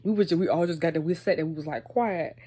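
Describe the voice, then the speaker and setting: Young woman vlogger, slightly low voice, chatty and animated storytime delivery. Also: fast, breathy edge. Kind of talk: casual storytime.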